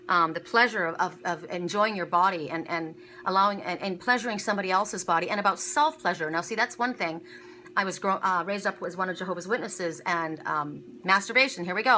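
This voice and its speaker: Bright, tense-edged woman reader, earnest, halting, repeats herself mid-sentence. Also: mid-range voice, slight background noise. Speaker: spiritual card reader. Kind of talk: casual spiritual reading to camera.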